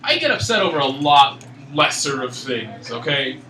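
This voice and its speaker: A young man from Michigan in his twenties doing a stand-up comedy set, ranting in an exasperated, animated way. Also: mid-range voice, moderate pace, slight background noise. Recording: echoey room, mic at a distance.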